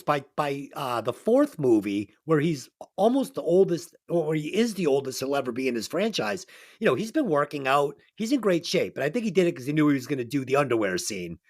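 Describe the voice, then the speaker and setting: An enthusiastic man co-hosting a movie review podcast, his voice sitting a little higher than most men's. He chats casually, swears freely, and piles on praise. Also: big pitch swings, a little fast, a little mellow. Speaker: podcast co-host.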